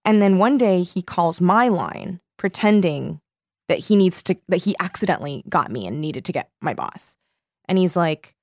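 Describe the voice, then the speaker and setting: Young woman, low voice, dry mic, animated chatty storyteller who swears freely. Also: normal speed, dry recording. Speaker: podcast co-host. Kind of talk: casual chat.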